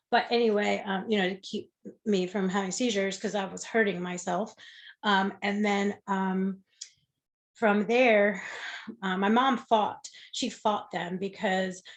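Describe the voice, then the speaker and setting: Candid woman telling her story. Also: mid-range voice. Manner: candid, swears freely, acts out quoted people. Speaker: interview guest. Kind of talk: personal story in conversation.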